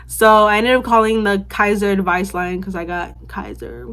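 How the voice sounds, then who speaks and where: A woman's voice: mid-range voice, steady tone, moderate pace, fairly bright tone. Young woman rambling through a story. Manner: rambling, filler-heavy, lots of "like" and restarts; candid, swears casually. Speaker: vlogger. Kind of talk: casual storytelling to camera.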